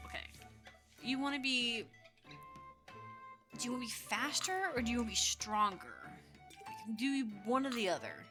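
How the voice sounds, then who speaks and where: A woman's voice: fairly high pitch, sing-song, moderate pace, long pauses, music in the background. A young woman with a Midwestern American accent, casually telling rambling, giggly stories while playing a game and quoting people in funny voices. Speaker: gaming streamer.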